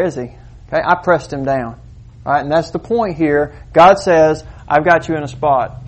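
Male preacher, slightly high voice, animated sermon delivery with sudden emphatic bursts. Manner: lively, shifting between quiet asides and loud emphasis. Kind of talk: sermon with demonstration.

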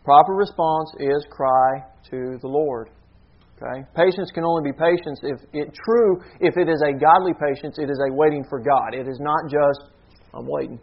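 A man's voice: on the high side, steady tone, normal speed, lo-fi sound. A man preaching a sermon in an earnest teaching manner, often checking in with a rhetorical "okay?".

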